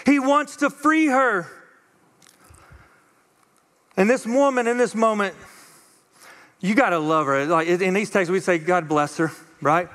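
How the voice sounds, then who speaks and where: Animated man preaching in a hall. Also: high voice, measured pace, pauses often. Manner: conversational, animated, acts out quoted voices. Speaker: pastor. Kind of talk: sermon. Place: church auditorium.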